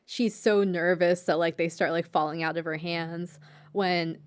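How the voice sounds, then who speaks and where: A woman's voice: fairly low pitch, flat delivery, measured pace, clean tone. A woman co-hosting a podcast, giving a chatty, filler-heavy recap with frequent giggles. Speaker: podcast co-host. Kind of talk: casual anime recap.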